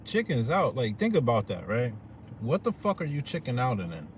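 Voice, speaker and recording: A man's voice: medium pitch, very animated, normal speed, slight background noise. A man talking to his viewers in a loose, slangy, profane rant, often asking "you know what I'm saying". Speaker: vlogger.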